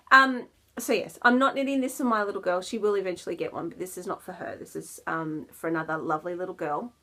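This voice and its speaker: A woman hosting a knitting podcast in a casual, rambling chat, with self-deprecating laughs and soft asides that drop almost to a whisper. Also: fairly low pitch, fast talker.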